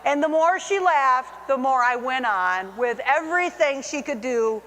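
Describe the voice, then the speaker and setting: A middle-aged woman telling a personal anecdote, lively and self-mocking, acting out her own reactions. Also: sits high, measured pace. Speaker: storyteller. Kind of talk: personal anecdote told to camera. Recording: long hall reverb.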